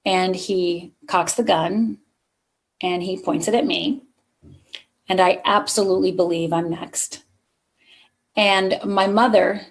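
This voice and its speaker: A middle-aged woman giving a motivational keynote to a live conference audience, telling a personal story and speaking straight to the crowd. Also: mid-range voice.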